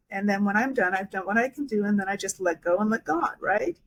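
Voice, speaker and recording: Female guest, hypnotherapist, mid-pitch, reflective and halting. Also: slight background noise, poor audio. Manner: reflective, halting with many restarts and fillers. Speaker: guest hypnotherapist and life coach. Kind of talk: casual interview talk.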